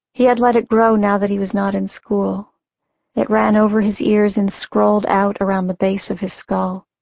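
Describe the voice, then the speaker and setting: A woman narrating her own memoir as a scripted audiobook, in a measured, reflective reading. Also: medium pitch, vocal fry, dry recording. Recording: dry, dull lo-fi audiobook recording.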